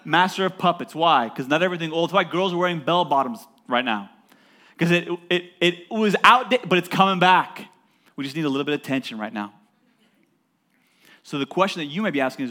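With lively intonation and a voice a little on the high side, a man preaches as a church pastor at normal speed. His sermon is emphatic, swelling to loud peaks, with jokes aimed at the congregation.

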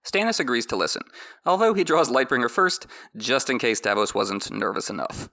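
A man's voice: medium pitch, big pitch swings, a little fast, bright, forceful tone. A man hosting a book podcast, recapping chapters with sarcastic, wry asides. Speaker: podcast host.

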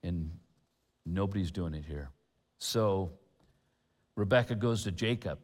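A man preaching a sermon as pastor, animated and chatty, with humorous asides. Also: low-pitched, measured pace, long pauses. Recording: long church hall reverb.

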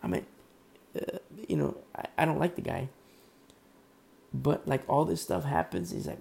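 Hoarse, gravelly male preacher. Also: mid-range voice, big pitch swings, normal speed, long pauses, darkish tone. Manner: conversational, rambling, full of fillers and asides. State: hoarse, throat worn out. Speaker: pastor. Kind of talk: casual expository sermon.

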